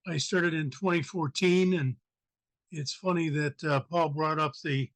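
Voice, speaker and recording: A man from the American Midwest reads a poem on a video call. His voice is raspy and sits a little high for a man, and he speaks slowly and haltingly, with many fillers. The sound is dry and close. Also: steady tone, no echo. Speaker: open mic poet. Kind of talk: poetry reading over video call.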